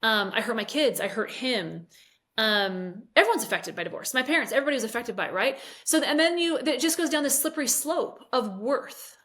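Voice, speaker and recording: A woman's voice: fairly high pitch, animated, brisk, fairly bright tone. A woman in her forties, a fitness coach, telling a personal story candidly and emotionally, with hesitations. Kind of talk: interview conversation.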